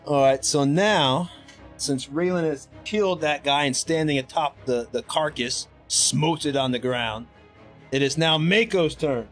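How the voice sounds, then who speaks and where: A man running a tabletop game as game master, excitable, laughing often and explaining in halting bursts. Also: fairly high pitch, soft background music.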